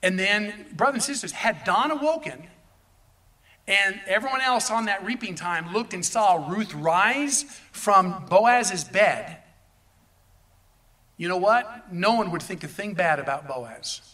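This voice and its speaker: A male pastor preaching a sermon in an animated way, addressing the congregation directly. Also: sits high, unhurried, recorded from a distance.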